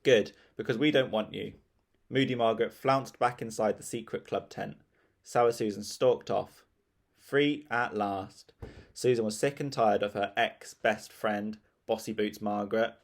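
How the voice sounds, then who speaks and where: A man narrating a children's storybook in a lively, expressive reading. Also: lowish voice, unhurried. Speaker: audiobook narrator.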